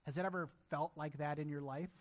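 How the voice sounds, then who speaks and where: A man's voice: on the high side, fairly even intonation, fast talker. A male pastor preaching a sermon emphatically, repeating key lines and addressing his congregation directly.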